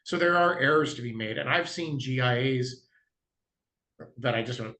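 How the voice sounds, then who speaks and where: A man, a guest diamond dealer in a casual interview, telling anecdotes and acting out both sides of the dialogue, clearing his throat now and then. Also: medium pitch, normal speed, long pauses, sharp tone.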